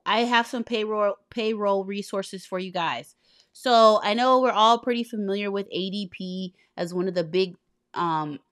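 A woman talking casually about business credit and payroll, chatty and animated, laughing often and spelling things out slowly. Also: medium pitch, no room sound, studio quality. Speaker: small business coach. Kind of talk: casual advice monologue.

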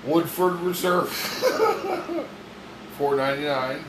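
A man's voice: fairly high pitch, huge pitch swings, slow, background noise. A man co-hosting a podcast, teasing and bickering with his partner and swearing now and then. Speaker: podcast co-host. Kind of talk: casual argumentative chat. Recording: echoey room with humming air conditioner.

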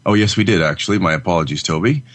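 A man's voice: deep voice, very fast, a bit bright, dry recording. A man co-hosting a film podcast in casual crude chat, joking often and reading out listener email. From Canada. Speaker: podcast co-host.

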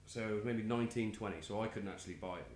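A man with a very deep voice hosts a podcast and tells a rambling anecdote. The room is echoey, and a faint hum sits underneath. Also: fast talker, a little mellow. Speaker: podcast host. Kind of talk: casual podcast chat.

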